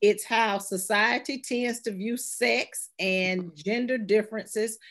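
A woman guest, a sexual health expert, explaining her points in measured conversation, tying them together with "and so". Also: medium pitch, fairly even intonation, a bit bright. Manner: measured, chains points with "and so" and "you know".

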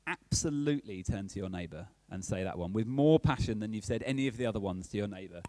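A man's voice: fairly low pitch, lively intonation, fast, a little mellow, no echo. A man giving a casual, conversational sermon as a preacher, often checking in with his listeners. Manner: chatty, checks in with "okay?" often.

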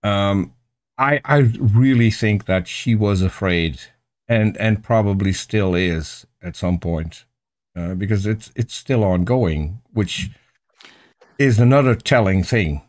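A man's voice: fairly low pitch, takes it slowly. A man hosting a casual online panel discussion, earnest and searching for words as he goes, often restarting his sentences. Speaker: host.

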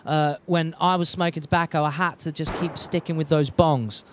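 A young man talking loosely through a game stream, reading viewers' messages aloud between moves. He swears freely and laughs at his own slips, and his voice sits a little high for a man. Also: fairly even intonation, moderate pace, a little hiss or hum. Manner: chatty and sweary, laughs at himself. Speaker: gaming streamer.

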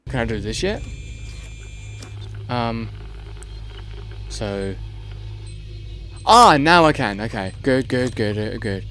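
A man's voice: medium pitch, sing-song, slow, long pauses, fairly bright tone, slight background noise. Frantic swearing man narrating gameplay. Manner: frantic, swearing, muttering to himself while playing. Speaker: gaming channel host. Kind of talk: let's play commentary.

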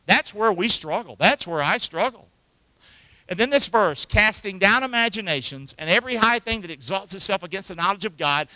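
A male pastor preaching a sermon, calling on the congregation to repeat after him and swinging between loud emphasis and hushed lines. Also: fairly high pitch, no echo, rough recording. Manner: calls for congregation responses, animated preaching.

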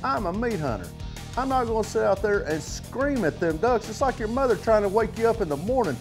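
A duck hunter gives blunt, folksy advice. His voice is high for a man and swings widely in pitch. Light music plays under him. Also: expressive, brisk. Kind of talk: casual advice.

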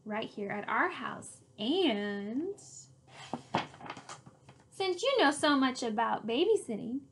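A woman reading aloud as a young boy babysitter in a storybook, in a lowered, calm voice. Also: slow, a little hiss or hum, heavily acted. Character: young boy aardvark babysitter, bossy but coping.

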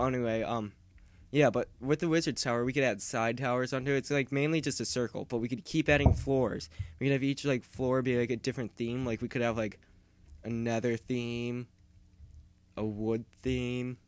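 A man giving casual, rambling gameplay commentary who yells and panics when startled. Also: mid-range voice, steady tone, quick pace, dry recording. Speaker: gaming video host.

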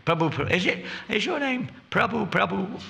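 A man's voice: high voice, big pitch swings, brisk, creaky, sharp tone. A man giving a scripture class at a temple, chatty and joking, who keeps asking his audience questions.

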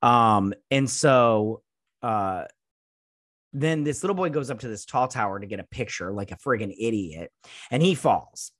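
A man talks through a TV episode in a loose, rambling recap, full of ums and uhs and mocking side comments. His voice sits at an ordinary middle pitch, and the sound is dry and close, with no room echo. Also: expressive, a little slow, a bit bright. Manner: rambling, filler-heavy, sarcastic asides. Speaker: show reviewer. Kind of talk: casual episode recap and review.

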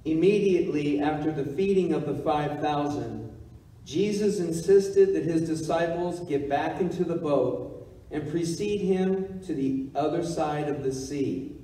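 Casting: man as deacon reading the gospel, measured and mellow, heard from far off in a reverberant church. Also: fairly high pitch. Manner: slow, measured proclamation. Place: church sanctuary.

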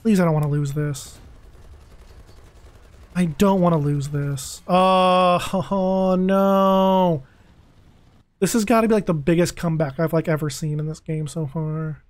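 A young man streaming a video game, talking casually and excitably, pleading with the game and groaning dramatically over a loss. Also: on the high side, normal speed. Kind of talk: casual live-stream commentary.

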